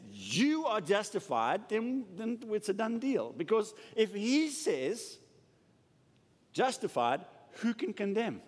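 A man preaching a sermon to a congregation in an emphatic, animated way. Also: high voice. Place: church hall with an audience. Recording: long hall reverb.

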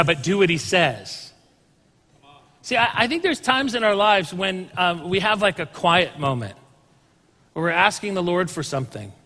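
High-voiced bright pastor preaching. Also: male voice, big-room sound. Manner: conversational, asks the congregation questions. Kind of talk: sermon.

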